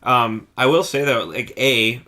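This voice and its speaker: A man's voice: mid-range voice, steady tone, unhurried, pushed and bright. A man co-hosting a band's podcast, chatting casually and rambling with frequent fillers and laughs. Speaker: band member co-hosting a podcast. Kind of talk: casual chat.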